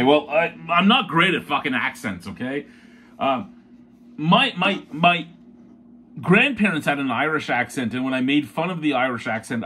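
A man's voice: medium pitch, bright, forceful tone, a little hiss or hum. A man hosting a beer review, talking in a casual, blunt way with plenty of swearing and rambling restarts. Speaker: beer reviewer, show host.

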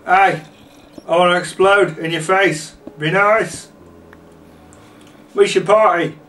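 A man doing a squeaky goofy creeper monster. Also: steady tone, takes it slowly, a bit bright, far from the mic, slight background noise. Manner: cheerful, silly party talk. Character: goofy high-voiced male creeper monster.

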